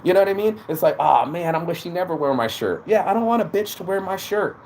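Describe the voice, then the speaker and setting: A man's voice: high voice, lively intonation, fast, darkish tone, slight background noise. A man hosting his own show, talking in a rambling, profane motivational monologue full of restarts and quoted asides. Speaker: podcast host.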